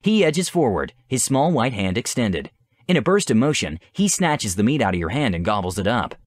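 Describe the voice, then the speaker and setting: Lively male game-master storyteller. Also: mid-range voice, normal speed, dry recording. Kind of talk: scripted story narration.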